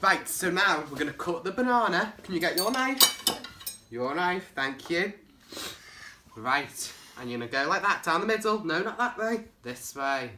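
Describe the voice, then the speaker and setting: A man with a gentle, patient and coaxing manner, chatting casually and asking lots of encouraging questions while making a treat in a home kitchen. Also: high voice, sing-song, normal speed, slight background noise. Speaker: co-host of a home cooking video.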